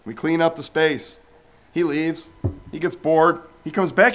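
A man preaching a storytelling sermon, animated and acting out dialogues as he goes. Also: a little high, moderate pace, slight background noise.

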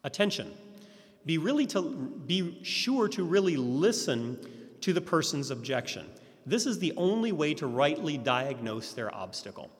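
A man's voice: a little high, big pitch swings, normal speed. A man teaching a class on ministry, often putting rhetorical questions to his audience. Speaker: Christian ministry instructor. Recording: echoey hall reverb.

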